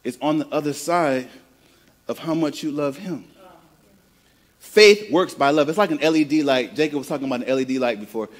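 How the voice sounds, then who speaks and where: A man from the American Midwest preaching a sermon in an easygoing, conversational way. He doubles back on his words and repeats phrases as he works toward a point. His voice sits at a middle pitch for a man. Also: fast. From Midwest of the United States. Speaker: pastor.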